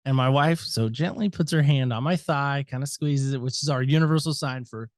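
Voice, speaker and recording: A middle-aged American man, a podcast guest, telling a personal story with animated reenacted dialogue and "so anyway" asides. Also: medium pitch, a little fast, no echo, clean studio sound. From United States.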